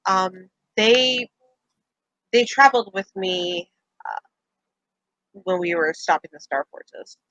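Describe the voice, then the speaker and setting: A woman's voice: mid-range voice, animated, slow pace, pauses often, fairly bright tone, no room sound, dull audio. A woman voicing a confident young Jedi woman who speaks earnestly to reassure her companions. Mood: reassuring.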